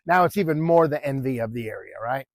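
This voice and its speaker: A man's voice: medium pitch, lively intonation, fast, no echo. A man casually telling a story with a moral, chatty, with many fillers and asides to the listener.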